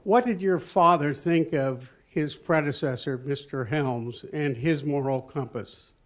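A man's voice: fairly high pitch, unhurried. Older guy in the audience, polite and chatty, takes a while to get to his question. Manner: courteous, complimentary, rambling lead-in. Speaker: audience member asking a question. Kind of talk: question from the floor at a panel.

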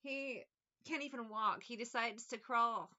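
A woman's voice: on the high side, measured pace, sharp tone, muffled recording. A woman, a tarot reader chatting casually, rambling, laughing often and breaking into song. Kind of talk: casual chat. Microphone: phone.

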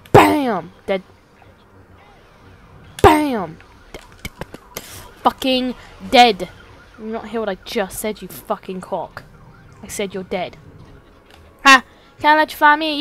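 A woman's voice: on the high side, a bit bright, slight background noise. A young woman giving casual, sweary, joking commentary while playing a video game. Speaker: let's play host.

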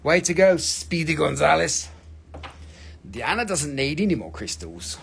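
A man's voice: on the high side, sing-song, measured pace, vocal fry, a bit bright, slight background noise. A man hosting a live crystal sale stream, joking playfully and chatting with viewers as he shows each piece. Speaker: host selling crystals on a livestream. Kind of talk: live sales stream chat.

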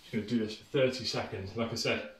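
A fast-talking British fitness instructor with a medium-pitched, steady voice leads a workout at home. He keeps things casual and encouraging with loose phrasing, slightly short of breath. The sound comes from a far camera mic and is roomy, distant and noisy.

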